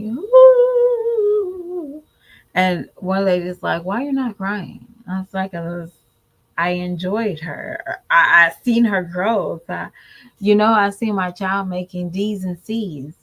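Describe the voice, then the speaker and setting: A woman's voice: fairly low pitch, slow, creaky, rough recording. A woman giving candid, preachy commentary to her viewers in a casual vlog. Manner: candid, preachy, animated mimicry. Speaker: vlogger.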